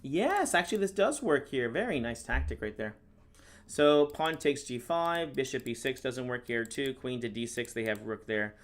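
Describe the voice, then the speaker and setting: A man from the United States commenting live on his own chess games, reading viewer questions aloud and answering in a casual, deadpan sarcastic way. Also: mid-range voice, normal speed. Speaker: chess streamer and National Master. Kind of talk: live-stream commentary while playing.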